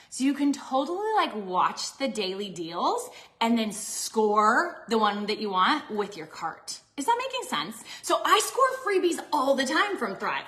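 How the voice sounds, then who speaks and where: Woman, bubbly and chatty, bright lively voice, echoey kitchen. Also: high voice. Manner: bubbly, chatty, talks to viewers. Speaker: cooking vlogger. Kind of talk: chatty cooking live stream. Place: home kitchen.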